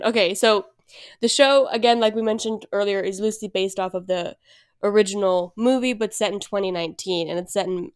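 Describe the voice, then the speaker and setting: A young woman co-hosting a casual podcast, rambling with lots of fillers and self-deprecating asides. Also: medium pitch. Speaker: podcast co-host. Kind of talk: casual chat.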